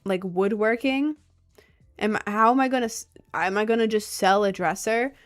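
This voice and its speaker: A woman's voice: mid-range voice, moderate pace, soft background music. A young adult woman streaming live from her desk, chatting casually in a rambling, filler-heavy way, sleepy and yawning often. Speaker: livestreamer. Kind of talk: casual livestream chat. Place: home streaming setup at a desk.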